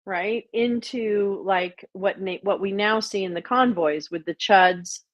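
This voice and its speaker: A woman hosting a livestream, talking in blunt, profane casual chat and telling stories with animated energy. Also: mid-range voice, a little slow, no room sound. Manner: blunt, sweary, animated storytelling. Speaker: livestream host. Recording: muffled lo-fi audio.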